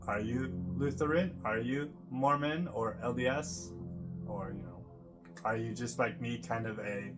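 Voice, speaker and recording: A man talking to his camera in a loose, rambling way, with lots of filler words and quick laughs along the way. His voice sits at an ordinary middle pitch, and he sounds relaxed and unscripted. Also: music in the background. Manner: meandering, full of fillers, laughs often. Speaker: vlogger. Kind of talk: casual rambling monologue to camera.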